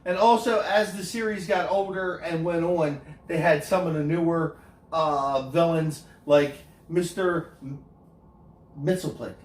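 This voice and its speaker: A man's voice: a little high, slow. A middle-aged man co-hosting a casual countdown, reading through lists with plenty of fillers and hesitations. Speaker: co-host. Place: bar with live audience. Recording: echoey room from far off, faint ambience.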